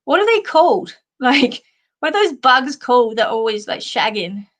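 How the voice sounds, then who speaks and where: A woman's voice: high-pitched, big pitch swings, moderate pace, a bit bright. An Australian woman hosting a casual live chat, chatty and giggly as she reads out comments. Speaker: host of a live chat show.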